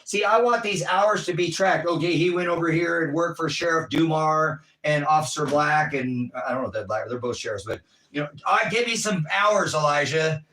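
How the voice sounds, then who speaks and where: Rambling, animated middle-aged man. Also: fairly high pitch, fairly quick, rough recording. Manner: rambling, animated, with mimicked quotes and asides. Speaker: livestream host. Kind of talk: rambling livestream talk.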